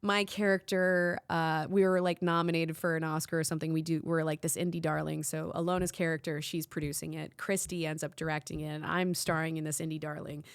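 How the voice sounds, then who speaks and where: A woman host in casual chat, telling stories in an animated way and acting out quotes in voices. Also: low voice, brisk, few pauses, clean tone, no room sound, studio quality. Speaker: interview host.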